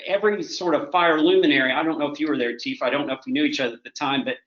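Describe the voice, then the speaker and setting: A man in his sixties from Oklahoma, a guest telling long stories in a halting way, full of restarts. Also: on the high side, fairly bright tone. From Oklahoma, USA. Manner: halting, with frequent restarts and fillers. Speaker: guest, retired corporate director. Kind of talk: rambling conversational storytelling. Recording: roomy, slightly dull remote recording.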